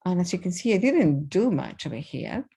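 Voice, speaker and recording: A woman's voice: lowish voice, very animated, normal speed, vocal fry, warm tone, husky. A woman with an Argentinian accent teaching a casual programming lesson, thinking aloud with many fillers. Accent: Argentinian Spanish. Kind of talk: casual screen-share coding lesson.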